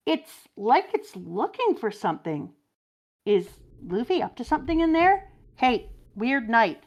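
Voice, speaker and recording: Slow-talking middle-aged woman reading aloud. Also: high voice. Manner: animated, reactive. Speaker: stream guest reader. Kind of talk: reading a manga aloud with reactions.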